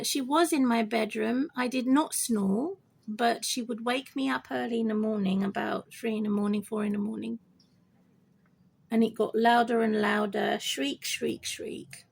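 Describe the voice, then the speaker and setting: Her voice gravelly, slightly rough and darkish, a pet owner vlogger rambles on camera about her bird and keeps repeating herself. Every so often she turns to the bird itself, talking to it in a high sing-song.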